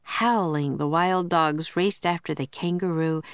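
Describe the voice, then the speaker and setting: A woman reading a children's book aloud in a clear, steady storytelling voice. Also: fairly low pitch, a little slow, dry recording. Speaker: narrator.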